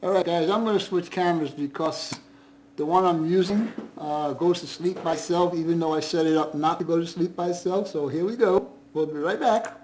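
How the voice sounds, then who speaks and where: A man with a notably high-pitched speaking voice hosts a casual live stream from home. He greets viewers one after another in a friendly, chatty way. Frequent chuckles run through his talk. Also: normal speed, darkish tone, a little hiss or hum, rough recording. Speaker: livestream host.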